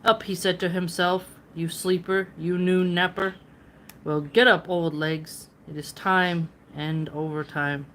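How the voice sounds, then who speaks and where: A woman reading as an old sage musing slowly. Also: on the low side, level tone, a bit bright, a little hiss or hum. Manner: slow, measured reading aloud. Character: old male sage musing aloud to himself.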